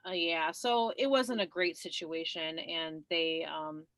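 Bright-voiced woman telling her story. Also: low-pitched, fairly even intonation, measured pace, no room sound. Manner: chatty, laughs often, many fillers. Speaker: guest. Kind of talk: conversational storytelling.

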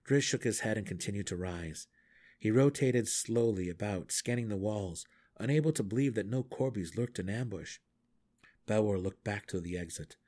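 A man reading a fantasy novel aloud in steady, measured storytelling. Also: lowish voice. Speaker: audiobook reader. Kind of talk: fan audiobook narration.

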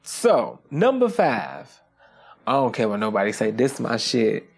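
A podcast host talking casually on their own, animated and profane, often checking in with "okay?". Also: mid-range voice, unhurried, creaky, husky. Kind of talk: casual solo podcast monologue.

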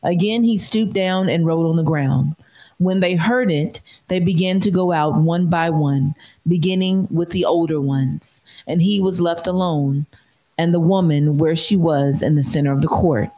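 A person reading scripture aloud in a steady, measured way during a sermon. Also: medium pitch, rough recording. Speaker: scripture reader.

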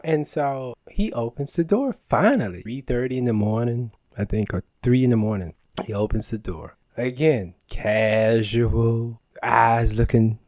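A man on a podcast, telling a story in a casual, animated way, acting out the dialogue and laughing often. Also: mid-range voice, no echo.

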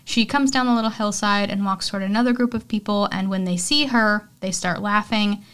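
A woman's voice: medium pitch, fairly even intonation, fairly quick, fairly bright tone, smooth. Chatty woman recapping a film. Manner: chatty, filler-heavy retelling with acted quotes. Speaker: podcast host. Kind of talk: casual movie recap.

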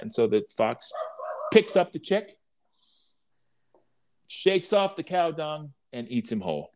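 Wry, halting man telling a tale. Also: a little high, sing-song, slight background noise. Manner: halting, many restarts, wry humor. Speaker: podcast co-host. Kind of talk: casual conversation and storytelling.

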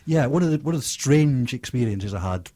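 A man's voice: medium pitch, lively intonation, a little fast, dark tone. A man from the west of Scotland, a studio guest in casual radio chat, talking hesitantly with many fillers and a wry tone.

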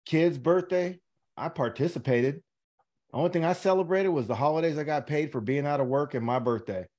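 A man's voice: on the high side, fast talker, darkish tone. A young man co-hosting a podcast, riffing with wry, crude jokes in casual banter. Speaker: podcast co-host.

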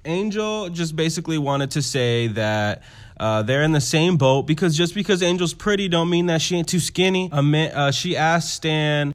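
A man hosting a casual recap of a TV episode, telling it in a sassy, profane, animated way. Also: a little high, measured pace. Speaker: show recap host.

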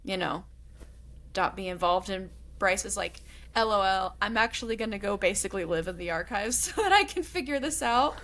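A woman co-hosting a book podcast, talking casually with many fillers and quick asides. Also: mid-range voice, animated, a bit bright. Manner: fast, filler-heavy chatter with lots of "like". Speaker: podcast co-host.

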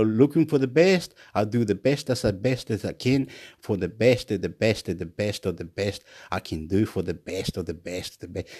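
A man at home, rambling through a repetitive, excitable motivational monologue, swinging between shouts and mutters. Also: lowish voice, breathy edge. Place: at home, indoors.

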